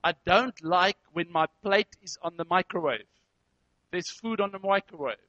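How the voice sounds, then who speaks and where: A man with a high, bright voice tells a story to an audience, acting out lines and noises with animated energy. He speaks as a therapist. The recording is dry and slightly dull, with a lo-fi sound. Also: moderate pace, dry recording. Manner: animated, acts out dialogue and sound effects. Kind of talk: storytelling talk.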